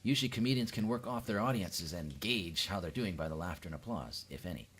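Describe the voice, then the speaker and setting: Canadian man, home stand-up comic, deadpan with lively pitch swings. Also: quick pace, husky. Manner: deadpan, with sudden high-pitched quoted voices. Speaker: amateur stand-up comedian. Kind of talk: seated home stand-up routine. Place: at home, lives in the UK.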